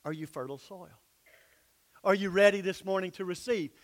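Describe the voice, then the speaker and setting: A pastor preaching a sermon in a church, emphatic, sometimes dropping to soft, low asides. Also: male voice, fairly quick.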